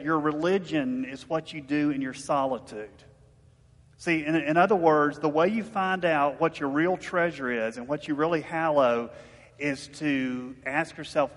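A man preaches a sermon, talking with his listeners and asking them questions, and he tells stories as he goes. His voice sits a bit above the usual male range. It rings with the long reverb of a large hall. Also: fairly high pitch. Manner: conversational preaching with rhetorical questions and storytelling. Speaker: pastor.

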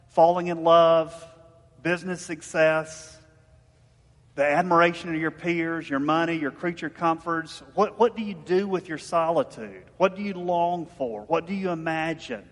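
A man's voice: on the high side, a bit bright, long reverb tail. A man preaching a sermon in a conversational, storytelling way, asking his listeners questions. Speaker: pastor.

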